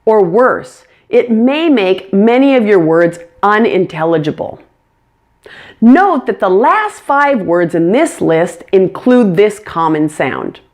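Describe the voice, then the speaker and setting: A woman teaching English pronunciation, speaking carefully and demonstrating each sound. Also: mid-range voice. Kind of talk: pronunciation lesson.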